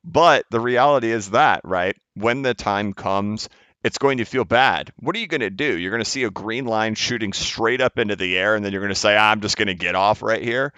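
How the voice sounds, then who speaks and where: Deep-voiced man, emphatic market monologue. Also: moderate pace, fairly bright tone, clear, resonant tone, dry recording. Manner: emphatic, repetitive, chuckling asides. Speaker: channel host. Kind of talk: casual market commentary monologue.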